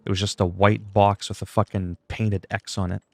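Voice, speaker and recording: A young gaming streamer chats casually while he plays, rambling with plenty of fillers and self-deprecating jokes. His voice is fairly low with little pitch movement and some vocal fry, at a moderate pace with no echo.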